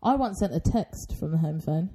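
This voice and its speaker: A woman's voice: sits low, expressive, normal speed, warm tone, a little hiss or hum. A woman in her twenties, co-hosting a podcast and telling stories in casual chat, laughing often and acting out quotes. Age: 20s. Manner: giggly storytelling, acts out quotes. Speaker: podcast co-host.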